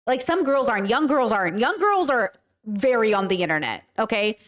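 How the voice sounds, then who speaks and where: A woman's voice: on the high side, expressive, brisk. A woman talking to her livestream chat in a blunt, emphatic way, swearing casually as she comments. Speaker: streamer and commentator.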